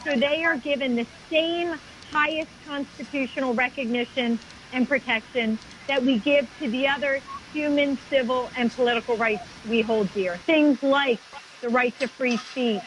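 A woman's voice: sits high, normal speed, a little hiss or hum, low-quality recording. A woman guest on a talk show, explaining her advocacy earnestly and at length, speaking over a remote call. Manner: earnest, fluent with restarts. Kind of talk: casual interview talk.

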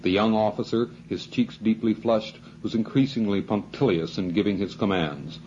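Male narrator with a low, dark voice for a measured novel reading, on a dull-sounding mic. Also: steady tone, slight background noise. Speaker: audiobook narrator. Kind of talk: scripted narration.

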